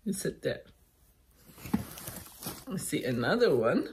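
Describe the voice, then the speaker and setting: A woman's voice: lowish voice, sing-song, takes it slowly, pauses often. A middle-aged woman from Canada opens a parcel at home, gushing and laughing a lot as she unpacks. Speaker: vlogger opening mail. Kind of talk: casual unboxing chat. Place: at home by a table.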